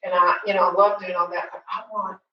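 Woman, 40s, grieving mother's faith testimony, halting and earnest, heard from afar through a dull, booming room. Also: flat delivery, background noise. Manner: halting, with frequent pauses and fillers; earnest and tender. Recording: very echoey, distant, dull recording.

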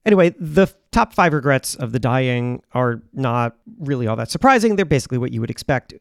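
A man's voice: mid-range voice, dry recording, clean studio sound. A man hosting a podcast, reflecting on a story he has just played for listeners. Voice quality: gravelly. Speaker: podcast host.

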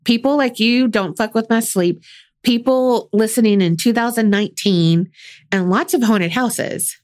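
A woman's voice: fairly high pitch, unhurried, darkish tone. A woman co-hosting a podcast, chatty and blunt, swearing casually and laughing easily. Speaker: podcast co-host. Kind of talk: casual chat.

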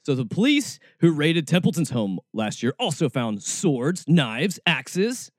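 A man hosting a podcast, giving mocking, sarcastic commentary that jumps into high, shrill bursts. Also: very animated, a little slow, dry recording, studio quality. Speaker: podcast host. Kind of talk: satirical commentary.

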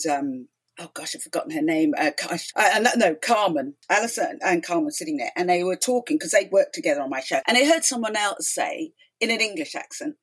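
Animated breathy middle-aged woman. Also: fairly low pitch. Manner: animated, emphatic, acts out quotes. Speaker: guest, talk show host. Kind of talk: storytelling interview chat.

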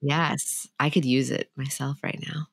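A woman's voice: extremely low pitch, level tone, measured pace, gravelly, dry recording, clean studio sound. A woman hosting a podcast and talking casually about her kids, chatty and full of "like". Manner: chatty, peppered with "like". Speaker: podcast host and parent. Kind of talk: casual chat.

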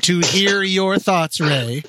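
A man's voice: high-pitched, slow pace, no room sound. A man co-hosting a podcast in casual chat, playful and laughing often, on a noisy recording. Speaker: podcast co-host. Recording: noisy recording with steady hiss.

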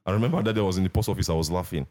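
Deep-voiced quick Nigerian man. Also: darkish tone. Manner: chatty gist-telling, pidgin mixed in. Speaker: podcast co-host. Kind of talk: casual chat.

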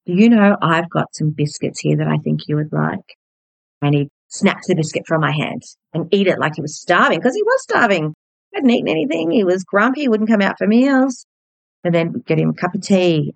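Gentle and candid, a thirties-aged podcast host reflects while sharing a personal story in a lowish voice. The audio is close to the mic and dry, with no echo, and of low quality.

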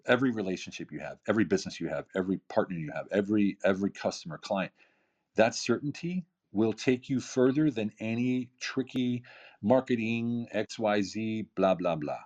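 Husky deep-voiced man in his fifties. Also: brisk, a little mellow, highs cut off. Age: 50s. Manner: emphatic, repeats phrases, rhetorical questions. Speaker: podcast guest, keynote speaker and author. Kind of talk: casual motivational talk.

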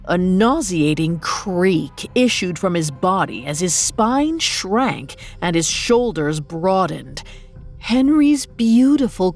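A woman narrating a gothic story in a dramatic, expressive scripted style. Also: lowish voice.

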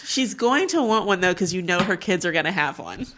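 A woman co-hosting a podcast, chatting about celebrity gossip in a playful, expressive way. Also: on the low side, brisk, slight background noise. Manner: expressive, playful, laughs often. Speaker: podcast co-host. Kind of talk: casual celebrity gossip chat.

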